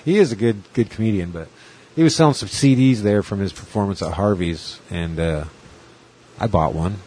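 A man's voice: fairly low pitch, moderate pace, a little mellow, slight background noise. A man who does stand-up, chatting casually and rambling through anecdotes, acting out the people he quotes. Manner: rambling storyteller, acts out quotes with laughs. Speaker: stand-up comedian. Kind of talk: casual chat.

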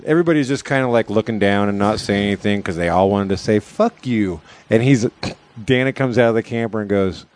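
A man's voice: lowish voice, fairly quick, darkish tone, no room sound. A man, a festival security worker, chatting casually, rambling through stories and swearing freely. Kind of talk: casual chat.

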